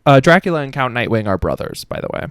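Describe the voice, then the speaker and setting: A man's voice: mid-range voice, sing-song, quick pace, a bit bright, smooth. A young adult man hosting a casual comedic book review podcast, rambling with profane, self-mocking asides. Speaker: podcast host.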